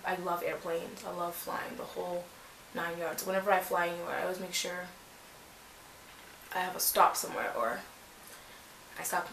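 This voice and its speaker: A woman's voice: on the low side, sharp tone. A young woman from Canada with a Canadian accent, chatting casually and rambling while she does her makeup. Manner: rambling, chatty, lots of filler words. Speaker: beauty vlogger. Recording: roomy, distant mic, faint noise.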